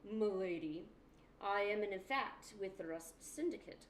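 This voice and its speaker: A woman voicing a suave, short male gang boss who speaks as a mock-British gentleman, slow and over-polite. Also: mid-range voice, expressive, echoey room, a little hiss or hum. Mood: smooth.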